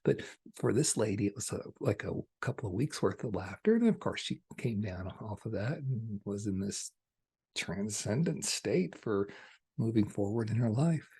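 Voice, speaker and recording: A man delivering a channeled spiritual message, soft-spoken and at times hushed. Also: lowish voice, expressive, normal speed, breathy edge.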